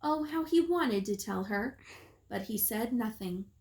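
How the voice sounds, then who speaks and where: A woman teacher reading a picture book aloud to children in a calm, clear way. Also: a little high, measured pace. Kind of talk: storybook read-aloud.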